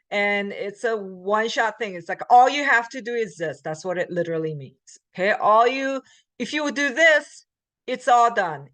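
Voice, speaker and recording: A Korean language instructor teaches Korean grammar in a recorded lecture, explaining in American English and reading Korean example sentences aloud. She often uses fillers and corrects herself. Her medium-pitched voice is a bit bright, with no echo.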